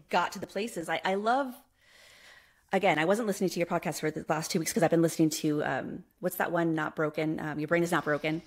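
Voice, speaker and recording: Rambling, animated woman podcast guest. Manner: rambling, digressive, quick bursts of speech; animated, expressive pitch jumps. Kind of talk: casual conversational interview.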